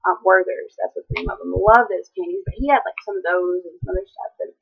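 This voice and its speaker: A woman's voice: on the low side, fast talker, creaky, husky. A young woman chatting casually to camera, rambling with many ums and restarts, at times close to tears. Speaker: vlogger. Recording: tinny phone-like sound.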